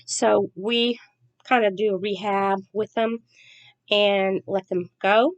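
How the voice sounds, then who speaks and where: A woman's voice: mid-range voice, fairly even intonation, takes it slowly, dry recording. Chatty woman, dry close sound. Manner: rambling, chatty, soft-spoken. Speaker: crafting vlogger. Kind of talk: casual chat.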